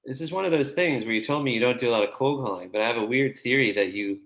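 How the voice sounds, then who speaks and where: A man's voice: mid-range voice, fast, fairly bright tone, rough recording. A man hosting the show, enthusiastically praising and joking with his guest. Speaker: host. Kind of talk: casual commentary.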